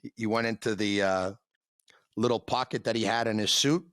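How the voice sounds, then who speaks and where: Sex: man. Role: podcast crew member. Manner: halting, many fillers. Pitch: low. Sound: dry, close. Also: steady tone, fairly bright tone, dry recording. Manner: hesitant, lots of uh and so. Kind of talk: casual chat.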